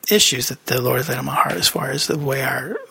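A man's voice: mid-range voice, fast talker, creaky, pushed and bright, slightly rough, dry recording. A man hosting a podcast, giving a casual personal update in a rambling way with many fillers and restarts. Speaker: podcast host.

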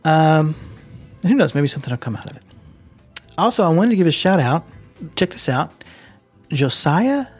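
A man's voice: a little high, very animated, normal speed, pauses often, slightly rough, soft background music. Rambling, jokey male podcast host. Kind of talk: casual chat.

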